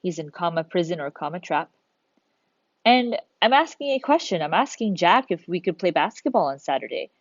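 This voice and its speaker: A woman's voice: fairly low pitch, sing-song, moderate pace, no room sound, dull audio. A woman teacher talking through a recorded grammar lesson, patient, step by step, thinking aloud as she works.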